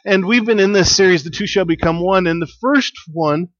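A man's voice: sits high, a little fast, a bit bright, dry recording, muffled recording. A man preaching a sermon as pastor, telling stories in a chatty way with fillers and laughter.

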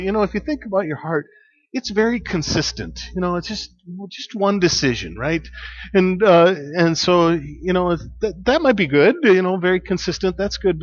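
A man's voice: high-pitched, fairly bright tone, highs cut off. A man preaching a sermon as pastor, telling stories in a chatty way with fillers and laughter.

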